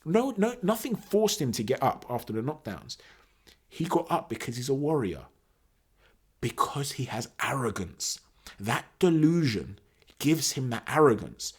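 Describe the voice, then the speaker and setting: A man hosting his own boxing channel, talking through his views in a casual, animated monologue with fillers and self-corrections. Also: medium pitch, moderate pace, slightly rough.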